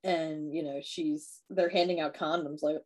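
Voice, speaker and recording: In casual chat, a woman co-hosting a podcast retells a horror film scene by scene, chatty and full of fillers as she slips into acting out the characters' lines. Her voice is a little low, dark and mellow, unhurried with fairly even intonation.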